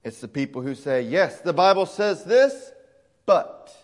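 Man, Southern American accent, pastor preaching, high voice, slow deliberate delivery, long church reverb. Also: very animated, a little mellow. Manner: emphatic preaching, voicing imagined objectors. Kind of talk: sermon. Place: church sanctuary.

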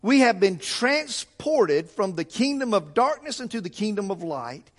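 A high-pitched man preaches in a church. He hammers his points home through repetition, and his voice rises and swells as the sermon builds. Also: sing-song, unhurried. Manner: fervent, repetitive preaching with rising emphasis. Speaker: pastor. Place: church sanctuary.

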